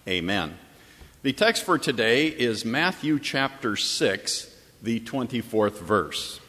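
A man's voice: mid-range voice, sing-song, slow pace, sharp tone, in a large hall. A man preaching a sermon as pastor, telling a story earnestly and building to emphatic, repeated points. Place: church or chapel.

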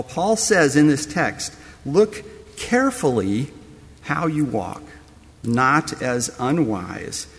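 Guy preaching, telling a story to the congregation, big hall reverb. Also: medium pitch. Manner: storytelling, addressing listeners as you. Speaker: pastor. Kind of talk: sermon.

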